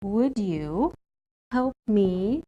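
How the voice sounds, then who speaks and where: Slow, carefully spoken woman teacher. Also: medium pitch, expressive, warm tone, muffled recording, a little hiss or hum. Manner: slow, careful, clearly enunciated. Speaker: English teacher. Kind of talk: scripted classroom lesson.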